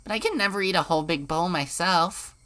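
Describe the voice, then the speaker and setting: A woman voicing a sweet yet menacing teenage girl in a visual novel, speaking in a soft, sing-song, eerily gentle way. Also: fairly low pitch, fairly quick, close to an everyday voice. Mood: eerie sweet.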